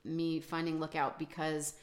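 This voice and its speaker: A woman's voice: low-pitched, completely flat delivery, moderate pace. A woman author talking casually in a podcast conversation, chatty and self-deprecating, with many restarts and fillers. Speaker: author guest.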